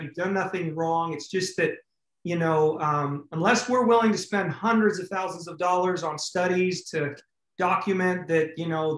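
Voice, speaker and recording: A man hosting a group video call in a casual, upbeat and encouraging way, cheering people on and gently steering them. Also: a little high, reverberant, poor audio. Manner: upbeat, encouraging, quick to cut in. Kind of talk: casual chat.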